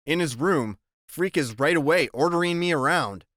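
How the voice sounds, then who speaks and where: A man's voice: a little high, expressive, normal speed, few pauses, fairly bright tone, dry recording, clean studio sound. A man narrating an audiobook in the first person, in a plain, conversational storytelling manner.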